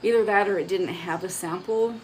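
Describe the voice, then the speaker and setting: Casual woman vlogger, mid-pitched, chatty and rambling, live demo at home on a phone. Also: fairly quick, darkish tone, slight background noise, rough recording. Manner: chatty, rambling, self-mocking.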